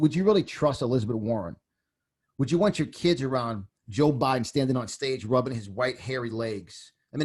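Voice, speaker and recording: A man's voice: mid-range voice, husky. A man in his fifties from New York, with a New York accent, talking as a podcast guest in an intense, emphatic way and often repeating phrases. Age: 50s. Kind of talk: impassioned political talk.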